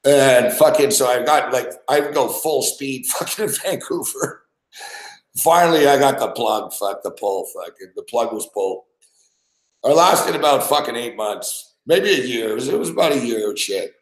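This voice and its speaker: A man's voice: medium pitch, lively intonation, moderate pace. A man hosting a podcast, telling a rambling, profane story in casual chat and laughing often. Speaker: podcast host. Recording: roomy echo.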